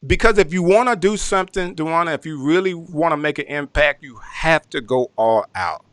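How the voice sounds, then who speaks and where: A fairly high, smooth and resonant man's voice hosts a casual livestream interview and reacts with eager exclamations. The sound is dry and close, with no room around it. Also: animated, fairly quick, a bit bright, no room sound. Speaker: host.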